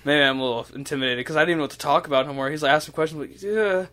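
A man's voice: a little high, fairly even intonation, very fast, pushed and bright. A man in casual podcast chat, telling a rambling, crude story.

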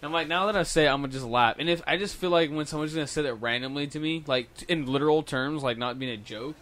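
A man's voice: fairly high pitch, fast talker, a bit bright. A young man in casual chat, telling a work story with lots of swearing and laughter, acting out his coworker's lines.

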